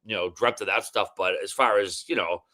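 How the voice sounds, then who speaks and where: A man in his fifties with a Boston accent and a gravelly voice, a podcast guest in casual chat, joking and ribbing his hosts. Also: on the low side, fairly quick, sharp tone. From Massachusetts. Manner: joking, self-deprecating, ball-busting banter.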